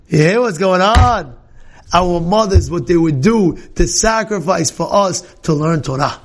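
A man teaching a Torah class to students in the room, telling stories with passion, sprinkling in Hebrew and Yiddish terms, and breaking into shouts at the peaks. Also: moderate pace. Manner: animated, bursts into shouting at the high points. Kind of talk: impassioned storytelling lesson. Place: live class with students present.

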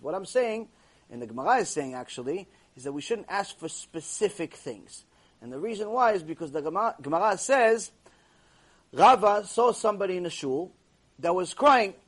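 A man with a high, husky voice gives a Torah lesson to a room of listeners. He tells stories with animation and mixes Hebrew terms into his plain talk. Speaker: rabbi teaching a class. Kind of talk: Torah class lecture. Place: classroom with a live audience.

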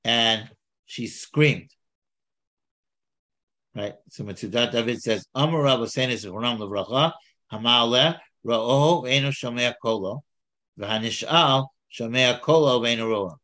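Guy going through a hebrew text, stops and restarts a lot, mid pitched, casual. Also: pushed and bright. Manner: halting, with many restarts and fillers; reads Hebrew aloud, then paraphrases. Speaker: Torah teacher.

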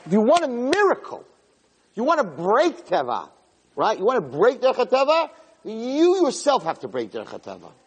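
A man giving a Torah class, retelling the story with lively, dramatic quotes. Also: very high-pitched, moderate pace, breathy edge, long reverb tail, poor audio. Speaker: Torah teacher.

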